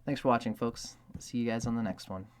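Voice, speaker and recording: A man's voice: mid-range voice, fairly even intonation, fairly quick, slight background noise. A man hosting an astrology video, talking in a casual, rambling way with many filler words and acting out quoted lines. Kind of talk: casual explanatory monologue.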